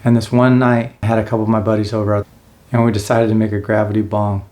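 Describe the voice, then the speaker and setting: A man's voice: fairly low pitch, little pitch movement, fast talker, mellow. A man in his forties telling his own life story in a casual, earnest way, now and then acting out what he said back then. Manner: earnest, acts out his own past lines.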